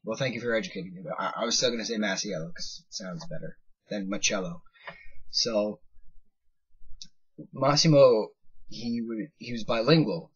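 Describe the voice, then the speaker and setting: A man's voice: on the low side, slightly rough, muffled recording. A young American man in his twenties, casually telling a rambling story to camera and stopping to work things out aloud. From United States. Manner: rambling, self-interrupting anecdote with animated quoted voices. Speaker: vlogger.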